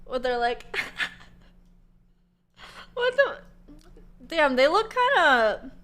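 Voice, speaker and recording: A young woman with a high voice talks casually to her stream chat at a relaxed, unhurried pace. She is giggly and chatty, full of fillers and swearing, speaking into a desk microphone.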